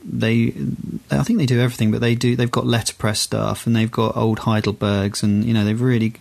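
A man's voice: medium pitch, flat delivery, fairly quick, creaky, darkish tone. A man co-hosting a podcast, chatting casually and rambling with lots of restarts and fillers. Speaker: podcast co-host. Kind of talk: casual chat.

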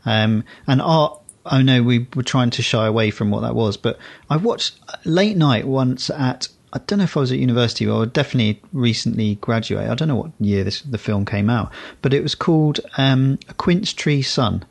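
A podcast co-host with a medium-pitched, vocal-fry voice rambles through casual chat at a moderate pace with few pauses. He tells stories and keeps breaking off to correct himself.

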